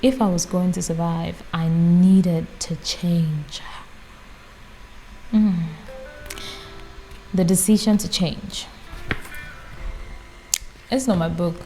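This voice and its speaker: A woman reading a book aloud in a calm, casual way, often stopping to add her own amused comments. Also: fairly low pitch, slow, pauses often, faint music behind, rough recording. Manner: reads calmly, breaks off for amused personal comments. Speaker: audiobook reader. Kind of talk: casual read-aloud with chatty asides.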